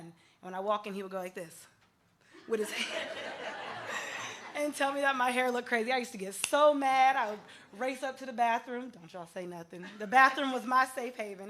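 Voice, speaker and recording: Woman, daughter delivering a funny eulogy; light storytelling delivery, high-pitched voice. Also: brisk, a bit bright, slight background noise. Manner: light-hearted storytelling, laughing at times. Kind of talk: eulogy with humorous anecdotes.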